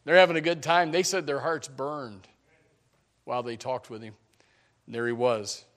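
A man preaching a sermon in an animated, emphatic way, often repeating words as he starts a sentence. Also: mid-range voice, normal speed. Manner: animated, emphatic preaching with sudden loud peaks.

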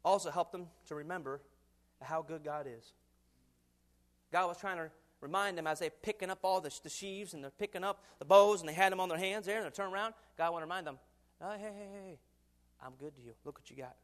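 A man in his twenties preaching a sermon in an animated way, acting out quoted voices and chuckling often. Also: sits high, moderate pace, long pauses. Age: 20s.

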